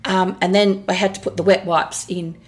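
A woman's voice: lowish voice, flat delivery, moderate pace. A middle-aged woman, telling a story in casual chat as a podcast guest and laughing her way through it. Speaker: guest, mother of the host.

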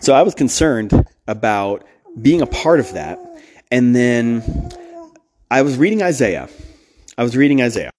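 A man's voice: mid-range voice, sing-song, unhurried, pauses often, a little mellow. A man hosting a podcast, talking in a casual preaching style, blunt and emphatic, with restarts and side remarks. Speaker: podcast host.

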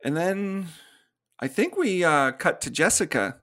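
He's a podcast co-host talking through a film in a relaxed review chat, voicing the characters and laughing frequently as he retells the plot. His voice sits high and sing-song, a bit bright, at a measured pace.

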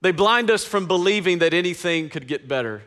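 High bright-voiced pastor, chatty preaching. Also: male voice, lively intonation, brisk. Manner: casual slangy preaching, conversational asides to congregation. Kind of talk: sermon.

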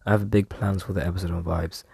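A young man with a low, gravelly, husky voice, talking in a loose, rambling monologue. His tone is mellow and relaxed, and he keeps drifting off topic with self-mocking slang. The room sounds dry and close. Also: fast, no echo. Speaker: podcast host. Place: room at home.

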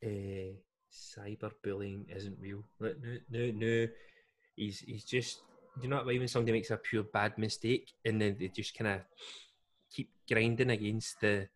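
A man's voice: on the low side, fairly even intonation, normal speed. A Scottish man co-hosting a podcast, chatting casually and rambling. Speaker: podcast co-host. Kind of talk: casual chat.

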